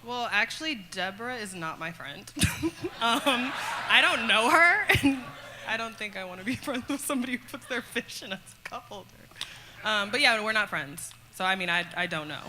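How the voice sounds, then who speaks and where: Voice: medium pitch, lively intonation, normal speed. A young filmmaker from St. Louis chatting on stage, giggly and self-conscious. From St. Louis, Missouri. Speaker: contestant filmmaker. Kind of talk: casual on-stage chat.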